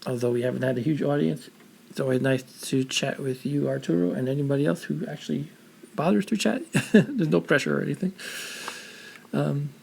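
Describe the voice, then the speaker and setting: A man's voice: fairly high pitch, fairly quick, creaky, darkish tone, a little hiss or hum, low-quality recording. A man with a New York accent, casually chatting to a live-stream audience while playing a retro game, thinking aloud as he goes.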